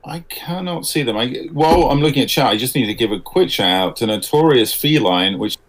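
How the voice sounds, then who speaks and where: Guy co-hosting a stream, reads chat, says yeah a lot, gives shout outs, normal mid voice. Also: medium pitch, expressive. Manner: agreeable, quick to chime in, gives shout-outs. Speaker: livestream co-host reading chat. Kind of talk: casual livestream chat.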